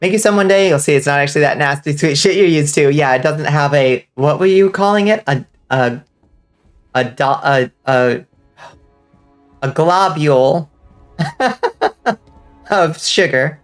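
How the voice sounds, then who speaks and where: A woman's voice: deep voice, animated, measured pace, long pauses, faint music behind. A woman streaming a game, chatting casually with viewers, swearing freely and laughing often. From US South. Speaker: vtuber streamer. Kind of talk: casual gaming stream chat.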